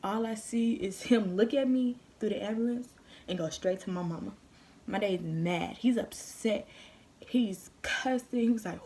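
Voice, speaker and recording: A young woman telling a story on her vlog, animated and profane, full of slang. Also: medium pitch, moderate pace, vocal fry. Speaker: vlogger.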